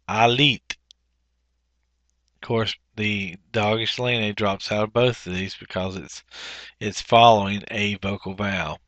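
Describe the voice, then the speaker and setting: A man working through a language workbook as a teacher, explaining each answer slowly with frequent fillers and self-corrections. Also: on the low side, a bit bright, dry recording. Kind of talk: workbook walkthrough lesson.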